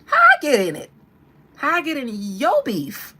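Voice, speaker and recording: A woman doing a shrill, indignant diva singer. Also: wildly swooping pitch, measured pace, exaggerated voice. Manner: high squealing shouts, laughing mid-line.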